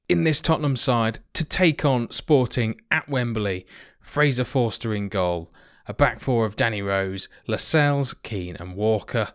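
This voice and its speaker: A man giving chatty, excitable let's play commentary on a football management game, swearing casually. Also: on the low side.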